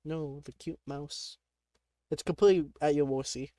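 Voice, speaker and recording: A man's voice: fairly high pitch, fairly even intonation, normal speed, mellow, no echo, studio quality. Man reading game text aloud with laughs. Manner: laughs often, breaks off with startled exclamations. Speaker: gamer playing a text adventure.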